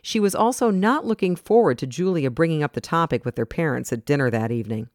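A narrator reading a storybook in a steady, clear way. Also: medium pitch, quick pace, no room sound, clean studio sound.

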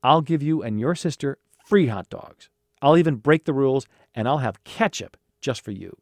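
A man voicing a stubborn, gruff middle-aged hot dog vendor who growls and snaps in a storybook reading. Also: medium pitch, lively intonation, normal speed, no echo, clean studio sound, pitched above the performer's own voice, close to an everyday voice. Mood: bargaining.

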